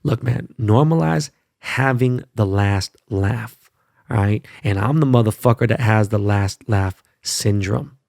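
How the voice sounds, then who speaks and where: A man's voice: lowish voice, unhurried, vocal fry, darkish tone, no echo, clean studio sound. A man hosting his own podcast, talking bluntly and profanely in a fired-up casual monologue, often tagging lines with "right?" and "okay?". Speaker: podcast host.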